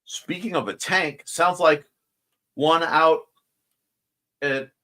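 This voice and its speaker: A man runs a laid-back morning livestream from a room at home, and he sounds sleepy between yawns. His voice sits a little high for a man. He rambles and jokes, greeting viewers one by one as he reads their messages. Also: slow pace, bright, forceful tone. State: sleepy, yawning. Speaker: host of a morning livestream show. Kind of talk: casual livestream chat reading comments.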